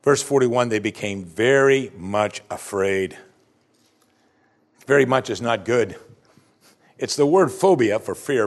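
Male pastor preaching with lively pitch. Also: slow, long pauses. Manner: expository preaching with rhetorical questions. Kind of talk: sermon.

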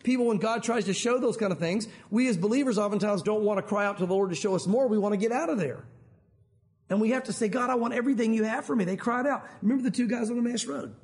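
Man, pastor, sermon, high-pitched voice, conversational, rhetorical questions. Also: fast talker, darkish tone.

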